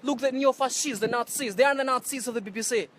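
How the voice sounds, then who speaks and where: A man with a very high voice rants at his own handheld camera on a city street, hurling repeated accusations. His English has non-native phrasing, and the words tumble out at a rapid clip. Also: slight background noise. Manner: loud, accusatory, repetitive ranting. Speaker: activist street vlogger confronting staff. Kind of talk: livestreamed street rant to camera. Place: outdoors on a city street by a building entrance. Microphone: handheld camera or phone he speaks into.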